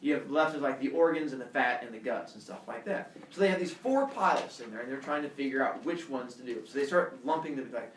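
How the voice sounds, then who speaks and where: Animated man telling a class a myth. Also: medium pitch, quick pace, hardly any pauses, slight background noise. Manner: playful, animated, quizzing pupils. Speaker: teacher. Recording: echoey classroom from far off.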